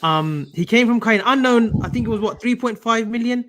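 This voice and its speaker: A man co-hosting a casual live-stream chat, animated and bantering. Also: very high voice, fairly quick. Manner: animated, banters and argues over pronunciation. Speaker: co-host.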